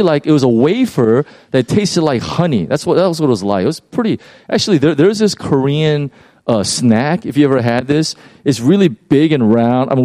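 A male pastor delivers a relaxed, chatty sermon, restarting phrases as he goes. His voice is mellow and dark in tone, and the sound is close and dry with little room echo. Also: on the high side. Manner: conversational, animated, repeats and restarts phrases. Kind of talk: casual sermon.

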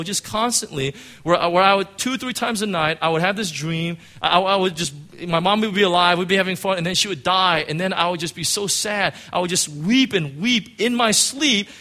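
A middle-aged man, a pastor, giving an emotional personal testimony in church, halting and restarting as he tells it. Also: sits high, sharp tone. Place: church sanctuary.

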